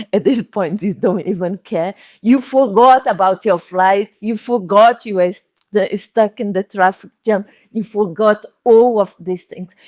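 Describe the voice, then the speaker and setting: Slow-talking Brazilian woman telling a story. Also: mid-range voice, a little mellow, no echo. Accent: Brazilian Portuguese. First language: Portuguese. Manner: acts out scenes with dramatic voices and sound effects. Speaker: motivational speaker. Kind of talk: storytelling motivational talk.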